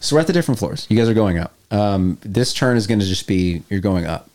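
A man's voice: lowish voice, lively intonation, fast talker, a little mellow. A man running a comedic tabletop game as game master, playful and swearing casually.

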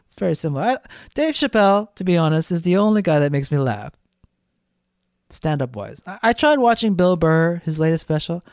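A man's voice: high-pitched, clear, resonant tone, no echo, clean studio sound. A man hosting a solo podcast, talking bluntly and ranting with frequent swearing. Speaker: podcast host.

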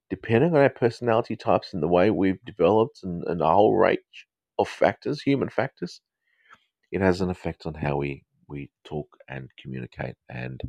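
Hosting a live podcast for listeners, a middle-aged counsellor from northern England rambles amiably, with many ums and restarts, in an accent blending Australian and southern English. His baritone voice is creaky and darkish, with no echo.

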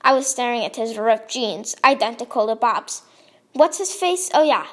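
A woman reading her own story aloud in a lively, expressive way. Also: fairly high pitch, normal speed.

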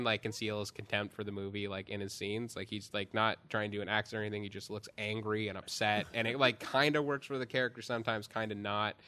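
Bright-voiced man reviewing a film. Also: fairly low pitch. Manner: rambling, chatty, full of fillers. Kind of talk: casual chat.

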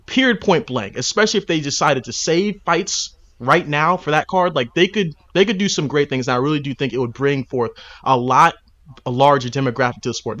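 Fast, bright-voiced fired-up man. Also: on the high side, lo-fi sound. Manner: passionate, fired-up opinions. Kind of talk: casual chat.

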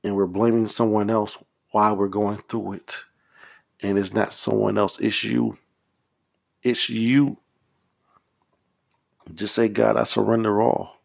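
Gravelly-voiced man preaching fervently. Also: lowish voice, little pitch movement, slow, pauses often. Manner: fervent, repetitive exhortation. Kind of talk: podcast sermon with spoken prayer.

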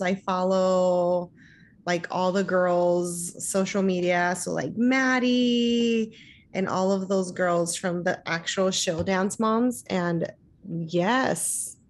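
A woman tells a lively story in casual conversation, slipping into the voices of the people she quotes. She sounds like a young adult, with a voice that is neither high nor low. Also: slow. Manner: animated, acts out voices in her anecdotes. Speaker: dance mom.

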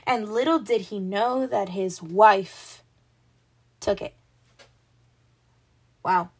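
A woman's voice: mid-range voice, very slow, husky. A woman reading a Bible passage aloud in a casual way, stumbling and apologizing for her slips. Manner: apologetic, stumbling over words, laughing at own mistakes. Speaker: Bible reader.

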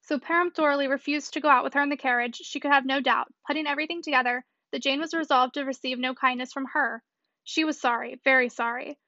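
A woman reads a classic novel aloud at a brisk clip. Her voice sits high and she moves quickly through the text. The recording is dull and dry, with no room sound. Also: fairly even intonation, pushed and bright, no room sound. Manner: brisk, fluent reading. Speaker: audiobook reader.

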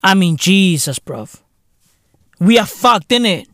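Rich: An excitable man rants on his podcast, swearing and saying bruv over and over. His pitch swoops widely as he talks slowly and deliberately. The mic sounds close and dry. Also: dry recording. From South Africa. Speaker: podcast host. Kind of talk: ranting monologue.

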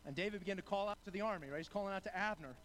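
A man's voice: high voice, very fast, slight background noise, poor audio. A man preaching a sermon in a conversational way, acting out the characters in the story and often repeating words as he starts a sentence. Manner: conversational, acts out biblical characters with rising excitement. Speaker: pastor.

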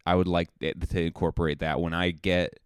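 Low-voiced rambling comedian host. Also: male voice, little pitch movement, brisk, clean tone, no echo, clean studio sound. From Massachusetts. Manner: rambling, self-mocking, jokey asides. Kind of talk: solo comedic podcast monologue.

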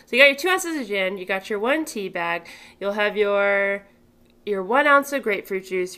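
A woman's voice: mid-range voice, fairly bright tone. A woman co-hosting a podcast in casual chat, rambling and giggly, a drink in. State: tipsy. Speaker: podcast co-host.

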